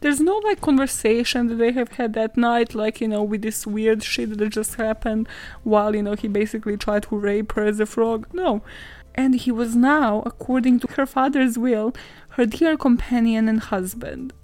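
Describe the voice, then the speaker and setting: A woman hosting a podcast, retelling a fairy tale in a sarcastic, profane, chatty way, laughing often and saying "like" a lot. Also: a little high. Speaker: podcast host. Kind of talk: casual comedic storytelling.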